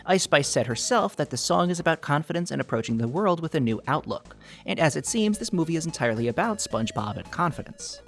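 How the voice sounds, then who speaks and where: A man narrating a mock-serious video essay over faint background music. His mid-pitched voice swings up and down in lively bursts, and he delivers over-the-top analysis with earnest gravity while nearly cracking up. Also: fast, few pauses. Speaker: YouTube theory video host.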